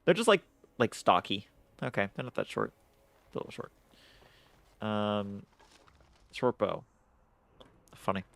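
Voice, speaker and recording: A man's voice: on the low side, sing-song, measured pace, gravelly, long pauses, fairly bright tone. A man streaming a game, chatting casually with lots of swearing, self-mocking jokes and laughter. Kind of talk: casual gameplay commentary.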